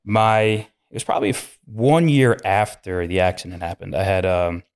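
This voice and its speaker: A police detective and podcast guest, telling a story in casual chat and acting out the voices of the people in it. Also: male voice, low-pitched, moderate pace, smooth. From United States. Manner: animated storyteller, acts out voices with sudden loud jumps.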